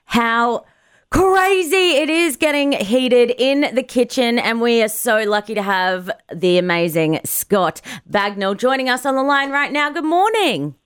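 A woman's voice: a little high, expressive, a little slow, a bit bright, clear, resonant tone, no echo, clean studio sound. Bubbly woman radio host. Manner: bubbly, gushing. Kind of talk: upbeat radio chat. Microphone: studio mic.

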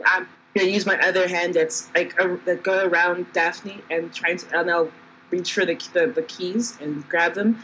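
A woman's voice: fairly low pitch, fairly even intonation, moderate pace, pushed and bright, slight background noise, poor audio. A woman playing a tabletop game, often stammering and flustered as she describes her actions. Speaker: player. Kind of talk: tabletop role-play.

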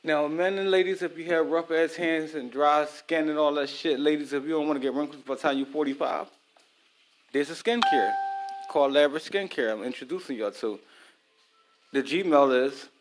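A man's voice: a little high, normal speed. A married man talks to viewers in loose, profane casual chat while he cooks. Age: adult, married. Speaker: vlogger.

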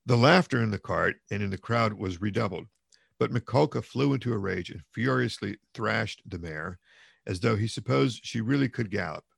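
A man with a gravelly, husky voice giving a measured, expressive audiobook reading of a classic novel. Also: lowish voice, no room sound, clean studio sound. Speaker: narrator.

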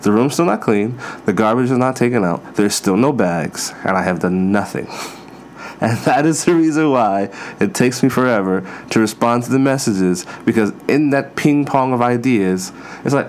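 A man's voice: medium pitch, animated, moderate pace, slight background noise. A man hosting a podcast, telling rambling, profane stories in a casual comedic monologue with self-mocking asides. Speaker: podcast host.

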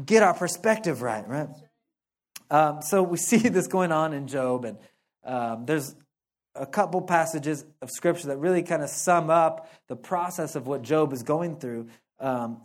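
A male pastor giving a casual, conversational sermon, playful and animated, laughing often and dropping slangy asides. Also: fairly high pitch.

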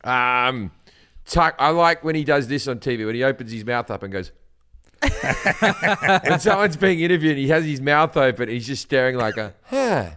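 Aussie guy hosting a podcast, smooth clear voice, mid pitch, jokey rambling banter. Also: moderate pace, bright, forceful tone. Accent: Australian. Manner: joking, rambling banter with laughs. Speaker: podcast host. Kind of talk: casual comedic chat.

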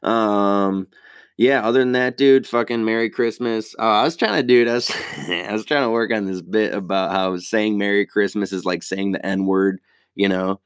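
A young man hosting his own podcast, ranting casually in a profane, rambling, animated way. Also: lowish voice, moderate pace, clean tone, dry recording, studio quality. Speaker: podcast host, stand-up comic. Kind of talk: casual solo podcast rant.

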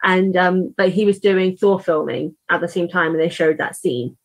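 A woman's voice: on the low side, steady tone, normal speed. Chatty female co-host, rambling, giggly, lots of "like" and "um". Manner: rambling, laughs often, many fillers. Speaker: podcast co-host. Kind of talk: casual chat.

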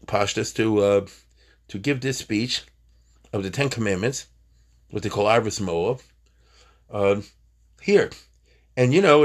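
A man's voice: mid-range voice, slightly rough. A man teaching an informal Torah class, chatty, with joking asides and Hebrew terms.

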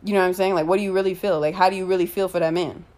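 A woman delivering an angry, profane rant full of rapid rhetorical questions. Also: fairly low pitch, fairly even intonation, darkish tone.

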